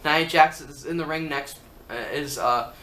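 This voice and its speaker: A man rambling casually as a wrestling vlogger, pitching his own storyline ideas. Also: steady tone, measured pace, sharp tone. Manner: rambling, chatty, lots of fillers. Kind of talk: casual fan commentary. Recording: roomy room echo, faint hum.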